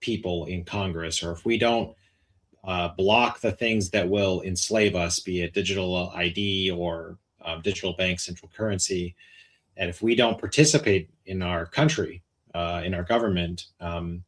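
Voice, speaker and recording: A man hosting a live conversation, talking eagerly about his film, pausing often with fillers. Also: deep voice, steady tone, fairly bright tone. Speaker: host and filmmaker.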